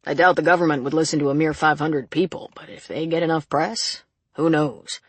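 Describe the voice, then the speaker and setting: A reader voicing a calm, gently probing male sheriff in an audiobook. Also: medium pitch, a little fast, slightly rough, no echo, lightly acted. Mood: businesslike. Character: calm steady man, a rural sheriff. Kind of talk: audiobook character reading.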